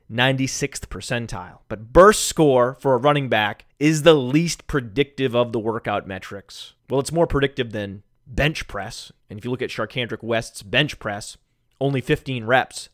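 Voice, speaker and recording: A man hosting a sports podcast alone, sarcastic and mock-calm, who keeps bursting into shouts. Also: mid-range voice, dry recording, clean studio sound. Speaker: fantasy football podcast host. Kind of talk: sarcastic solo podcast rant. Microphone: studio microphone.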